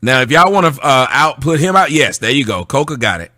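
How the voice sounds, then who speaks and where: A man's voice: medium pitch, very animated, fairly quick, sharp tone, dry recording, studio quality. A man hosting a casual livestream, reading viewer comments aloud and answering them in a sarcastic, mocking way. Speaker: livestream host. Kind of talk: casual livestream rant to chat.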